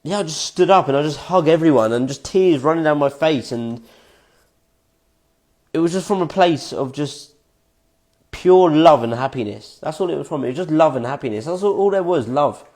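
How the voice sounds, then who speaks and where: Brief: vlogger reading his notes aloud, reflective and profane, slightly higher voice, keeps giggling. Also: lively intonation, moderate pace, darkish tone. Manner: reflective, swears casually. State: fits of giggling.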